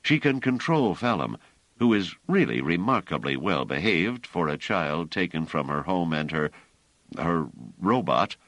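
A man narrating an audiobook in a measured, expressive reading. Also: low voice, no room sound. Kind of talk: scripted narration.

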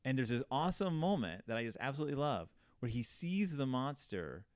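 A man hosting a casual book discussion, animated and quick to act out quotes. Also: medium pitch, dry recording, studio quality. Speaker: podcast host.

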